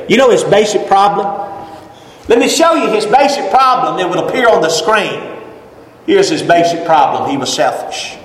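Preaching in a spacious church sanctuary full of long reverb and faint ambient sound, a high-voiced pastor in his fifties delivers a folksy, emphatic sermon. He's animated, speaks at a normal speed with long pauses, and his voice climbs on each exclamation.

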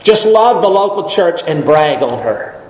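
Folksy preacher in an echoey church. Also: male voice, on the high side, animated, unhurried, darkish tone. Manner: folksy, emphatic preaching with jokes and rising exclamations. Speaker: pastor. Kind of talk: sermon. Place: church sanctuary. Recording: echoey church hall with faint ambience.

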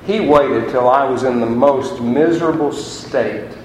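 Preacher in an echoing hall. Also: male voice, mid-range voice, a little slow, slight background noise. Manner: lively, conversational preaching with rhetorical questions. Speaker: pastor. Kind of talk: sermon. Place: church sanctuary. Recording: echoey hall.

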